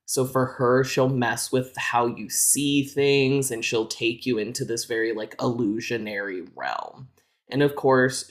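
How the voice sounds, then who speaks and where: A man co-hosts a relaxed podcast, talking things through in long explanations. His talk is loose and casual, full of "like" fillers as he goes. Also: mid-range voice. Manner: explanatory, filler-heavy with frequent "like". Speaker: podcast co-host. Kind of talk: casual chat.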